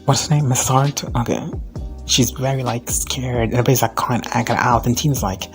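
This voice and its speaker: A woman giving a casual, excitable recap of an episode, rambling with slang, filler words and swearing. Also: rumbling low, brisk, soft background music. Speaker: reaction vlogger.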